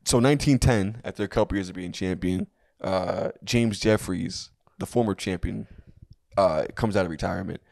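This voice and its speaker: A man's voice: low-pitched, moderate pace, creaky, a little mellow, dry recording, studio quality. A young adult man co-hosting a comedic history podcast, telling the story loosely with restarts and jokey put-on quotes. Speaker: podcast co-host. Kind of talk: casual comedic history chat.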